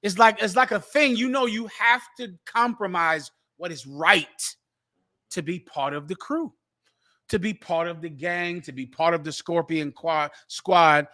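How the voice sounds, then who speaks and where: Forceful bright-voiced man preaching. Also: high-pitched, measured pace, no echo. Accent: American. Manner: forceful, declaiming, repeats phrases for emphasis. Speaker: talk show host. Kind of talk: preaching commentary on a live show.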